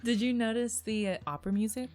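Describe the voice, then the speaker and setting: A woman's voice: on the high side, fast talker, a little mellow, faint music behind. A young woman co-hosting a podcast, chatting about a cartoon and laughing often as she talks. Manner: giggly, laughs often while talking. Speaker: podcast co-host. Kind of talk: casual chat about a cartoon.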